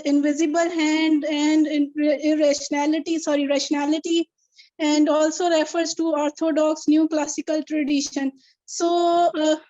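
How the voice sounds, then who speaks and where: A woman's voice: high voice, warm tone. A woman asking a question during a webinar over a video call, hesitant and full of fillers. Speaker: audience member asking a question. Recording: dull lo-fi video call audio.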